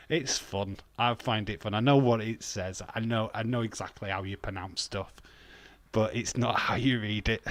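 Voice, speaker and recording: A man's voice: fairly low pitch, a bit bright, no echo. A man hosting a live stream, chatting casually with viewers, teasing them and chuckling as he reads out their comments. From England. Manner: teasing, chuckling, banters with chat, muses aloud.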